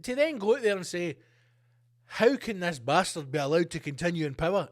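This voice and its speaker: A man's voice: high-pitched, very animated, brisk. A man hosts a solo podcast with a slightly raised voice. He rants and swears freely, jumping from one tangent to the next. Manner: sweary, ranting, jumps between tangents. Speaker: podcast host.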